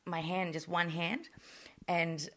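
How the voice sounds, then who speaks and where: A young Australian woman, a boxer, telling rowdy stories fast and casually, swearing freely. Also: fairly low pitch. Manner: fast, swearing, animated storytelling. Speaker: boxer, interview guest. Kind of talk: casual storytelling interview.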